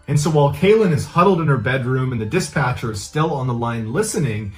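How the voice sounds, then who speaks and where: Male true crime storyteller, mid-pitched, casual and earnest. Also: expressive, fast talker, few pauses. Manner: casual, earnest retelling with loose phrasing. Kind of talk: conversational storytelling.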